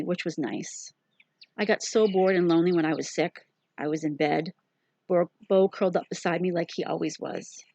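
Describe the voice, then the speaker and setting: A woman reading an audiobook in measured, reflective first-person narration. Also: fairly low pitch, a little mellow, dull audio, a little hiss or hum.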